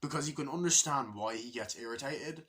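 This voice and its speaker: Casting note: bright, ringing male voice for a casual and profane movie-review vlog. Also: medium pitch, brisk. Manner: rambling, enthusiastic, frequent swearing and restarts. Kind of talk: casual rambling film review.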